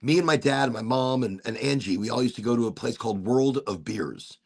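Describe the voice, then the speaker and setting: A man hosting a casual podcast chat, telling stories in an animated way and swearing freely. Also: mid-range voice, a little fast, gravelly, husky. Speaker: podcast host.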